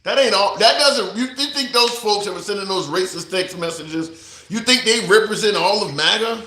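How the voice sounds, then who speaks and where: Male livestream host, challenging questions, high lively voice, echoey room. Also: moderate pace. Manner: challenging, questioning, reads viewer comments. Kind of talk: provocative live interview. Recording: roomy echo.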